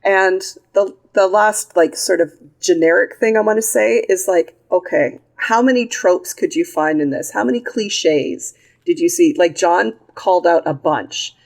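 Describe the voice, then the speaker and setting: A woman's voice: lowish voice, unhurried, gravelly, darkish tone. A woman co-hosting a podcast, chatting casually about a film in a blunt, sarcastic way and swearing freely. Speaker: podcast co-host. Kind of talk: casual film review chat.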